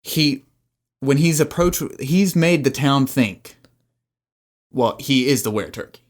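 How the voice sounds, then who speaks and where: Animated male podcast storyteller. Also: mid-range voice, slow. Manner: animated storyteller who acts out scenes. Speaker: podcast co-host. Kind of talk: casual brainstorming chat.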